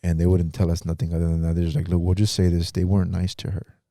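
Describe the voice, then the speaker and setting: A man's voice: sits low, little pitch movement, fast, warm tone, dry recording, clean studio sound. A pastor guest in a podcast interview, telling his own story in a casual, earnest way and acting out what others said.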